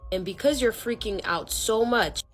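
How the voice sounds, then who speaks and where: A woman's voice: on the high side, moderate pace, soft background music. A woman telling a spooky story in casual, conversational second person, with slang and fillers. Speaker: storyteller vlogger.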